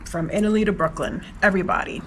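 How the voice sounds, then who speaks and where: A woman's voice: mid-range voice, fast talker, slight background noise, low-quality recording. Chatty New woman vlogger. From New York, USA. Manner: emotional, rambling, lots of "like" fillers. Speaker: travel vlogger. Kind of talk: casual personal vlog.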